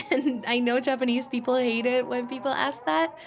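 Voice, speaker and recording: A young woman streaming a visual novel and chatting live with her viewers, animated, with frequent gasps and laughs. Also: high voice, normal speed, a little hiss or hum. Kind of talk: casual live-stream chat.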